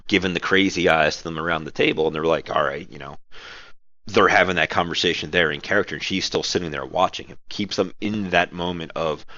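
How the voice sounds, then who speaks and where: A man's voice: sits low, fairly quick, pushed and bright, no room sound, lo-fi sound. A man talking casually about running tabletop games, rambling and correcting himself as he explains, recorded at home. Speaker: game master giving advice. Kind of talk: casual spoken advice talk. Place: at home, girlfriend nearby watching TV. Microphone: audio-only recording, no camera.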